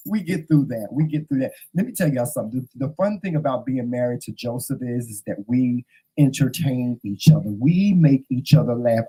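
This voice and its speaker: A man chats to camera in a lively, sassy storytelling manner, talking straight to his viewers. His voice is mellow and warm, with a husky, slightly rough edge, at a middling pitch. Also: poor audio. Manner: animated, sassy storytelling, addressing viewers directly. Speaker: vlog host. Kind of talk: casual chat to camera. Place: upstairs room at home.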